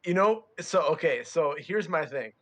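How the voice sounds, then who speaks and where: A man's voice: on the high side, animated, moderate pace, fairly bright tone. A young man in a casual chat, teasing and opinionated. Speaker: guest.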